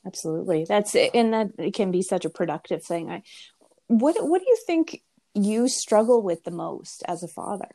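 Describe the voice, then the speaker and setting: A woman interviewing a guest in a relaxed, curious, affirming way. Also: medium pitch, normal speed. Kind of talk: casual interview.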